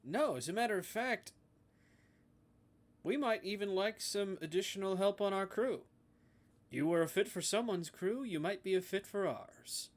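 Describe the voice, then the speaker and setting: A man's voice: high voice, animated, moderate pace. Man playing a cool, confident crew boss. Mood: calm.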